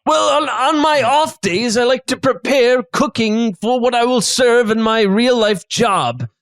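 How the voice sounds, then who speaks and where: Man doing a chef character, pompous, sing-song, high voice, improv comedy. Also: lively intonation, a little slow, fairly bright tone, full character voice. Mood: eager. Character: eager, pompous middle-aged male chef host. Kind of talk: improv comedy role-play.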